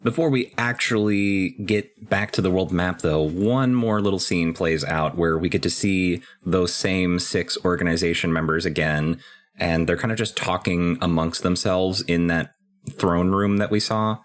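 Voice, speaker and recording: A man co-hosting a podcast, casually recapping and discussing a video game in a relaxed, chatty way. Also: deep voice, unhurried. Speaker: podcast co-host.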